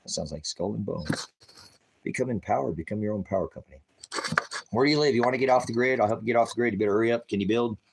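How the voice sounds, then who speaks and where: Low-voiced rambling man swearing on a livestream. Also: quick pace, vocal fry, slight background noise. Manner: rambling, joking, swearing, preachy urging. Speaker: livestream host. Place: high desert home.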